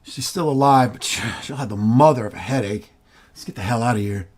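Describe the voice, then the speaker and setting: A man's voice: mid-range voice, fairly quick, darkish tone, lightly acted. An actor in a stage reading playing a reformed ex-convict who reasons urgently with his partner. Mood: tense. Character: reformed male ex-con, tense and calculating.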